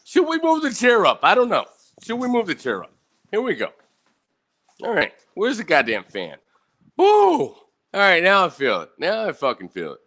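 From an indoor room with bright light and a fan, a man hosts his own live online show, ranting angrily, swearing constantly and tossing in "right?" after each point. His high voice is sharp in tone, swinging hugely in pitch at a normal speed.

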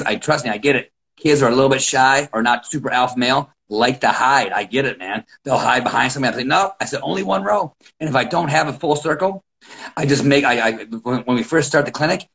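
A middle-aged man, a wrestling coach, chatting casually and acting out his own calls and shouts as he tells stories. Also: medium pitch. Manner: animated storyteller, acts out his own shouts. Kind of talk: casual podcast chat.

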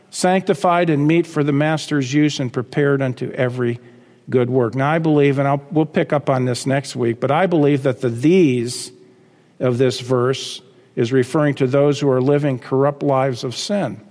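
A man preaching from the pulpit, his voice sitting a little higher than most men's. He hammers points home with repeated phrases and sudden emphatic lifts. A long hall reverb trails behind every line. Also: a little mellow. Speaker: pastor. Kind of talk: sermon.

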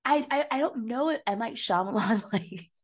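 A woman's voice: on the high side, normal speed. A woman co-hosting a podcast, chatting casually about a movie, swearing freely and slipping into mocking impressions. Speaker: podcast co-host. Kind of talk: casual movie-review chat.

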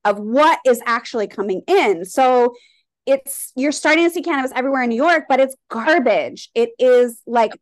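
A woman from Colorado chats candidly as an interview guest. Her voice sits somewhat high, and her speech rambles and loops back, full of filler "like"s. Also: expressive, normal speed. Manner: rambling, heavy use of "like", candid. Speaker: guest, shop owner and leather artist. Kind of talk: casual conversational interview.

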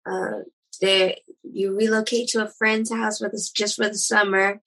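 Bright-voiced woman interviewer. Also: medium pitch, little pitch movement, measured pace, poor audio. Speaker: podcast host and interviewer. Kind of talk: interview questions.

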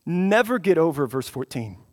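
A man's voice: fairly high pitch, sing-song, moderate pace. A man preaching a sermon, emphatic, repeating phrases for stress and building to passionate peaks. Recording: long hall reverb.

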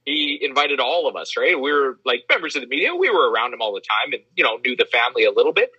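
Husky, bright-voiced man telling stories. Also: medium pitch, quick pace, dry recording, highs cut off. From Western Canada. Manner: animated, self-deprecating storyteller. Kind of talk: casual storytelling chat.

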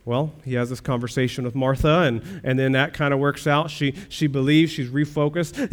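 A man's voice: mid-range voice, fairly even intonation, normal speed, hardly any pauses. Earnest man preaching a sermon. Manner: earnest preaching with rhetorical questions and swells of emphasis. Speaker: pastor.

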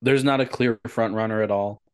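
A man co-hosting a podcast in casual chat, relaxed and opinionated, often agreeing with his partner. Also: fairly low pitch, a little fast, clear, resonant tone. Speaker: podcast co-host.

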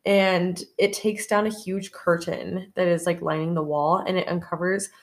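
A woman's voice: fairly low pitch, fairly even intonation, moderate pace. A woman co-hosting a podcast, recapping a film in a rambling, casual way, full of "like" and the odd swear word. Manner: rambling storyteller, heavy on "like" and swearing. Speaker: podcast co-host.

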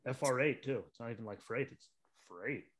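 A man hosting a podcast, chatting casually about racing, animated and acting out scenes with rhetorical asides. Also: medium pitch, a little fast. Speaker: podcast host.

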